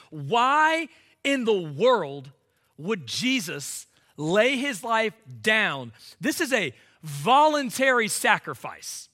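Animated, high-voiced male preacher. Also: moderate pace. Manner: animated, conversational preaching with rhetorical questions. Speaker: pastor. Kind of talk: sermon.

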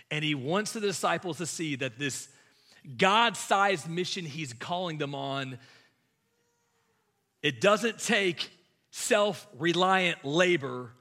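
A male pastor preaching a sermon in a conversational, animated way, full of casual fillers. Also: a little high.

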